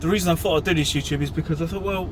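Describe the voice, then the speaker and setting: A middle-aged man vlogging by a river, talking chattily and excitably, often restarting his sentences. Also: fairly high pitch, very fast, noisy background. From United Kingdom. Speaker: fishing vlogger. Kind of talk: casual outdoor vlog talk. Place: riverbank outdoors in winter.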